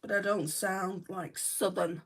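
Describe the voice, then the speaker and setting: A woman's voice: mid-range voice, steady tone, a little slow, breathy edge. Chatty northern English woman, mic a bit far. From northwest England. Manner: chatty, rambling, fillers like "right" and "like". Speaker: beauty vlogger. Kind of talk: casual livestream chat while doing makeup.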